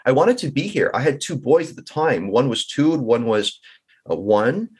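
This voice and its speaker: Husky man telling his story candidly. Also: medium pitch, very animated, moderate pace. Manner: candid and reflective, with occasional stammering. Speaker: guest. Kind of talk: personal storytelling in an interview.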